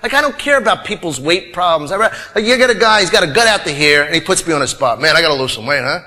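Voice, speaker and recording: A man performing a stand-up comedy routine, ranting with mock-earnest conviction and shouting his punchlines. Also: high voice, animated, quick pace. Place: live comedy stage before a laughing audience. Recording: noisy live recording with loud crowd laughter.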